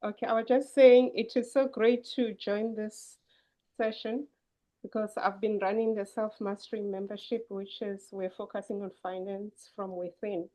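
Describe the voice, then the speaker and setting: A woman's voice: mid-range voice, steady tone, normal speed, warm tone. A woman coach at an online book club, upbeat, explaining her work. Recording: dull lo-fi call audio.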